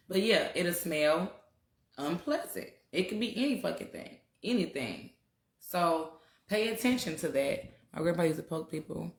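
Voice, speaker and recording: Swearing freely, this woman addresses her livestream audience in a blunt, casual way as a spiritual talk host. Her low, gravelly voice echoes in a roomy space.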